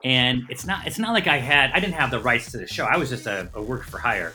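A middle-aged man with a bright, forceful voice, chatting as a guest on a podcast. He tells his stories in a lively, rambling way and corrects himself as he goes, like a comedian at ease. His pitch sits in an ordinary middle range for a man. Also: soft background music. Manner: lively, rambling storyteller with quick self-corrections. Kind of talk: casual anecdotal storytelling.

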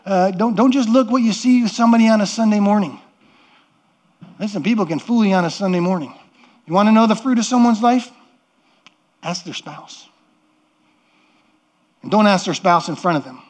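A man's voice: high-pitched, normal speed, long pauses, darkish tone. A middle-aged man preaching a sermon as pastor, earnest and conversational, often repeating and restarting words.

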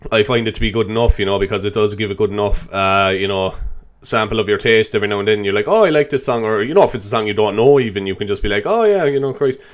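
A man with a fairly low-pitched voice hosts a comedy show, rambling through an improvised monologue. He pokes fun at himself and laughs often.

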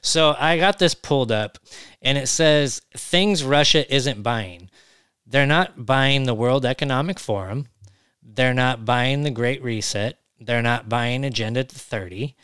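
A man in a casual podcast chat, slowly and deliberately reading a list aloud. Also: medium pitch, fairly bright tone, smooth, dry recording, studio quality.

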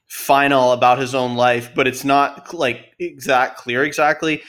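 A man's voice: mid-range voice, steady tone, unhurried, a bit bright, smooth. Man animatedly retelling film scenes. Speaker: podcast co-host. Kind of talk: casual film discussion.

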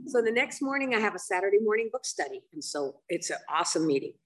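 Talking fast with big swings in her medium-pitched voice, an older woman tells her story candidly at a recovery meeting. Her testimony rambles and pokes fun at herself, full of fillers and asides, and the mic catches her from a distance.

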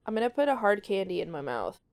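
A woman's voice: mid-range voice, fast talker. A young woman co-hosting a podcast, chatting casually, swearing and joking. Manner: profane, joking, animated. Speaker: podcast co-host. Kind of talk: casual chat.

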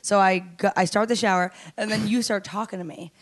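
A woman's voice: mid-range voice, fairly even intonation, a little fast. A young adult woman co-hosting a podcast from a couch, a chatty storyteller who laughs often. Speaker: podcast co-host. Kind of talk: casual chat. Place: living room couch.

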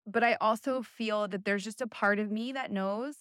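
A woman's voice: medium pitch, fairly even intonation, normal speed, fairly bright tone, smooth, dry recording, clean studio sound. A woman podcast co-host reflecting in a thoughtful, hesitant way, often searching for words. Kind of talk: reflective conversation.

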